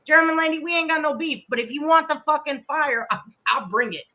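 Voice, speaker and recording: A woman's voice: high voice, fairly quick. Brash woman host trading insults on stream over a tinny phone-like line. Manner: profane, combative and mocking. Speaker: livestream host. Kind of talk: heated livestream argument.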